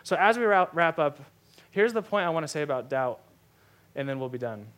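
A man's voice: fairly high pitch, lively intonation, brisk, a bit bright. A young adult man preaching a sermon, telling a personal story in a conversational way with many fillers like "like". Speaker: pastor.

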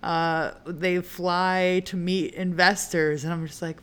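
A woman's voice: fairly low pitch, level tone, slow pace, a bit bright, smooth. A woman co-hosting a podcast, chatting casually and musing aloud with many fillers. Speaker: podcast co-host. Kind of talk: casual chat.

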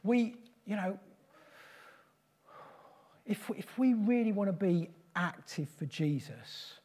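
A man preaching a prophetic sermon in slow, solemn, repeated declarations. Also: sits high, lively intonation, dark tone.

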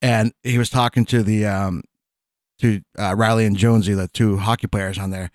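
A man's voice: on the low side, steady tone, normal speed, no room sound, studio quality. A man in casual chat, telling long rambling stories full of fillers and restarts, laughing as he goes. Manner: rambling storyteller, many fillers and restarts, laughs mid-sentence.

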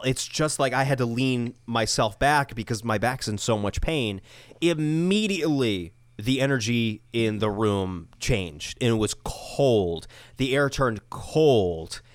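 A man's voice: medium pitch, clean tone, no room sound, studio quality. A young man co-hosting a podcast, telling an exasperated story with lots of swearing. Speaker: podcast co-host. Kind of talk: casual storytelling chat.

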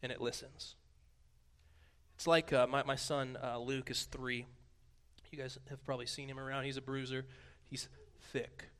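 A man in his thirties giving a sermon, conversational and playful, swinging from a hushed voice to booming emphasis. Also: little pitch movement, moderate pace, clear, resonant tone. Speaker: pastor.

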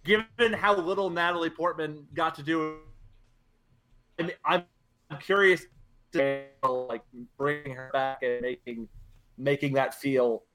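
A man's voice: fairly high pitch, fairly even intonation, unhurried, bright, forceful tone, faint music behind. A man co-hosting a casual film podcast, talking with frequent restarts and hesitations. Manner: hesitant, many restarts, laughs often. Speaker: podcast co-host.

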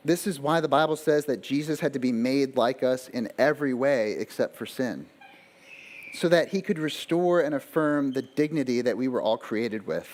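A man preaching a sermon at a middle pitch, talking casually to his listeners. He checks in with them often, repeats a phrase to stress it, and shifts between slow, weighty phrases and quick asides. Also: a little mellow, a little hiss or hum. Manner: conversational preaching with frequent rhetorical questions. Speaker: pastor.

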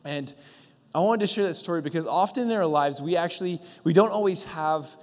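A man's voice: fairly high pitch, a little fast. Earnest man preaching in a reverberant hall. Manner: earnest storytelling with many fillers and restarts. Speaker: preacher sharing a testimony. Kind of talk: sermon testimony.

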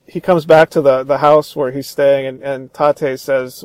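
A man's voice: mid-range voice, little pitch movement, moderate pace, few pauses, darkish tone, no echo. A man chatting casually about a film he loves, eagerly retelling scenes, with many restarts. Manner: enthusiastic retelling, acts out quoted lines; frequent restarts and fillers.

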